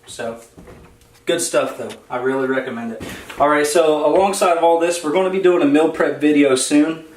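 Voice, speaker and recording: A man's voice: a little high, normal speed. Rambling man in a roomy echo. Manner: rambling, filler-heavy, relaxed. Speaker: vlog co-host. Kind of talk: casual grocery haul chat. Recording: roomy echo, faint noise.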